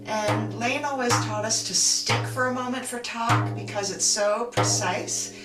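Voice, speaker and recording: Slow-speaking woman teaching drum online. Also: a little high, loud music behind the voice. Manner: patient, chatty, thinks aloud. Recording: roomy, distant, loud drumming behind.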